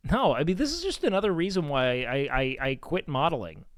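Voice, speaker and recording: A man's voice: on the high side, sing-song, brisk, dry recording. A young man chatting casually on a live stream, rambling and swearing with lots of fillers.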